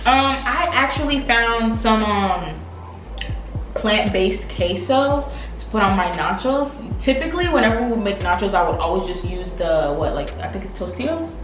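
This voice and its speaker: A woman's voice: mid-range voice, expressive, moderate pace, a bit bright. Young woman chatting over food, laid-back and playful, echoey room with music playing. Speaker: vlog co-host. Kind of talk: casual mukbang chat. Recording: roomy sound with background music.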